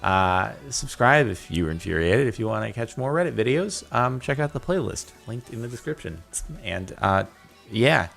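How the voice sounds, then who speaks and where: A young man giving casual commentary as he reacts to posts, exasperated and breaking into loud rants. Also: fairly low pitch, expressive, moderate pace, gravelly. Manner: exasperated, ranting, rising to loud outbursts.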